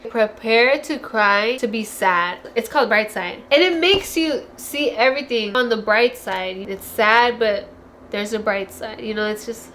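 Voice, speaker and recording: A woman with a slightly high voice, tearful and candid, reviews books in a loose, chatty monologue to her viewers. She repeats words for emphasis and curses freely. A faint background hiss sits under her voice. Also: measured pace, fairly bright tone. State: tearful, close to crying. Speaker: book vlogger. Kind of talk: casual book review monologue.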